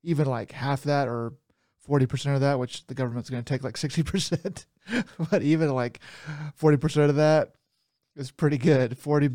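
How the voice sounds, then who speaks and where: A man's voice: mid-range voice, normal speed, dark tone, no echo, studio quality. A man co-hosting a podcast over a call, chatting casually, laughing often and getting worked up. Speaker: podcast co-host. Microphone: remote call mic.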